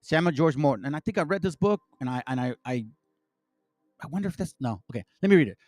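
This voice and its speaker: High, animated man ranting in commentary. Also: fast talker, no room sound, faint music behind. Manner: heated, ranting, profane, stumbling restarts. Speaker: channel host. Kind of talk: online commentary, reading aloud and reacting.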